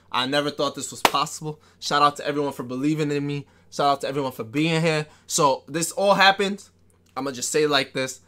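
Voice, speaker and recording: Excitable young male game streamer. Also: on the high side. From New York. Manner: excitable, trash-talking, bursts into yelling and laughter. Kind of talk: live gameplay commentary.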